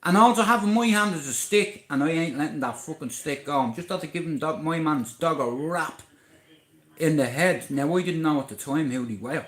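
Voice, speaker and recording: A man with an Irish accent telling a story on a livestream, blunt, animated and swearing constantly. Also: on the high side, normal speed, reverberant.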